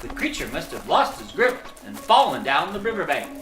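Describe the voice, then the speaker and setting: A narrator reading a children's storybook aloud in an expressive, lively storytelling manner. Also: mid-range voice, normal speed, reverberant, over music.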